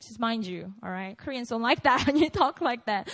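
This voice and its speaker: A young woman pastor giving a casual, animated sermon at a prayer meeting, laughing often as she talks. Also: fairly high pitch, moderate pace, poor audio. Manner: animated, conversational preaching with frequent laughs.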